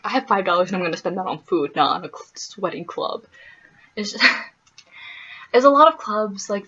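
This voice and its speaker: A woman's voice: medium pitch, gravelly, bright, forceful tone, dull audio. A young woman from the American Midwest chatting casually in a vlog, laughing often and full of fillers. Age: young adult. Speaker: vlogger.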